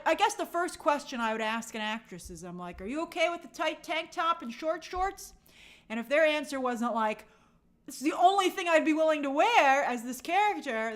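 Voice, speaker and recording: Animated, high-voiced woman hosting a stream. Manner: chatty, opinionated, frequent restarts and self-corrections. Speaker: movie news host. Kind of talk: live-stream chat reading viewer comments.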